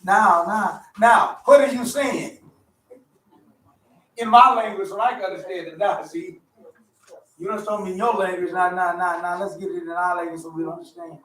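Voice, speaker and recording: A man's voice: sits high, steady tone, fairly quick, a bit bright. Folksy man preaching in a roomy hall. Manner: folksy, repetitive, conversational. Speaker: teacher leading a Torah study. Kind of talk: informal sermon. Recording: roomy sound from a distant mic.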